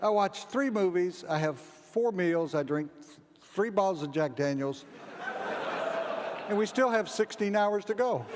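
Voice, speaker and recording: High-pitched man telling comic stories. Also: lively intonation, unhurried. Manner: rambling comic storyteller, acts out dialogue. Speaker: keynote speaker. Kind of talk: humorous storytelling speech. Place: large event hall. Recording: long hall reverb, faint background ambience.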